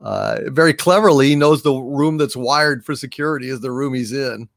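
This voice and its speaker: A man chatting casually about a film, wry and hesitant, pausing often with "uh". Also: medium pitch, gravelly, no room sound, studio quality. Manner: wry, hesitant, with many "uh" pauses.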